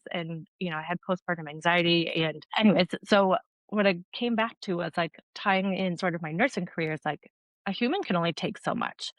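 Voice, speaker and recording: Her voice is fairly low and fairly bright, with no echo. She's a podcast guest in her thirties, a registered nurse who educates moms, recounting her own story earnestly and peppering it with "like."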